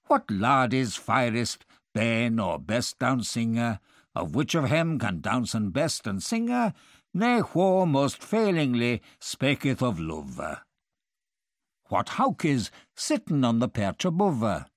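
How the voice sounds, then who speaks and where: Slow, lilting man reading old verse. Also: medium pitch, sing-song, no echo, studio quality. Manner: measured, rhythmic verse recitation. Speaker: reader. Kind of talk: reading medieval verse aloud.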